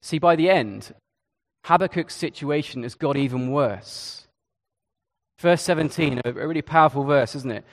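A man's voice: a little high, moderate pace, vocal fry, big-room sound. A man preaching a sermon in a conversational way, with hesitations and asides. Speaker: Church of England preacher.

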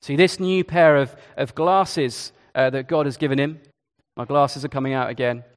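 Chatty preacher in reverb. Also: male voice, mid-range voice, steady tone, normal speed. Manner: conversational, with hesitations and asides. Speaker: Church of England preacher. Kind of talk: sermon.

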